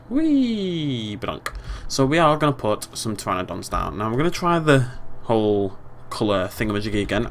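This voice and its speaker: A man's voice: fairly low pitch, slight background noise. A young British man giving casual, chatty let's play commentary, playfully talking to the game animals.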